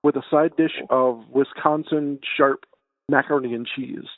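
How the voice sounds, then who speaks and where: A man's voice: mid-range voice, fairly even intonation, normal speed, no room sound. Mumbling man on a tinny call line. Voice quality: mumbling, slightly nasal. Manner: swears freely, laughs at himself. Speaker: podcast co-host. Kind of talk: casual chat. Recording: tinny phone-like call audio.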